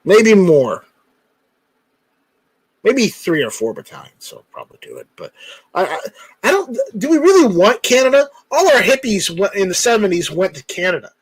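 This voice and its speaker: High-voiced man rambling through chat. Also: huge pitch swings, normal speed, husky, no room sound, low-quality recording. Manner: rambling, joking, reads viewer comments aloud. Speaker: livestream host reading chat. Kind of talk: casual livestream chat.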